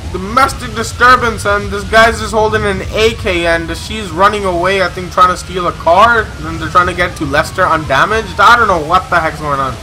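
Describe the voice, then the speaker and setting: High, bright, excitable young gamer guy. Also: a little hiss or hum, rough recording. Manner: excitable, exclaims loudly when startled; rambling, many filler pauses. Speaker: gaming channel host. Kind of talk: let's-play commentary with police radio role-play.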